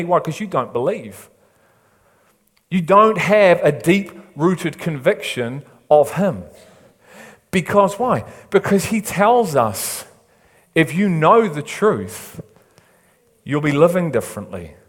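A man's voice: a little high, animated, unhurried. A man preaching a sermon as a pastor, emphatic and rising, speaking to a congregation. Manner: emphatic preaching that drops to a hushed, soft delivery. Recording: long hall reverb.

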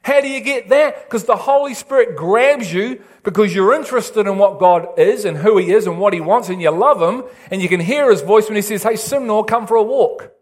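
A male pastor preaching an excitable, animated sermon with big swings in pitch. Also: a little fast, hardly any pauses.

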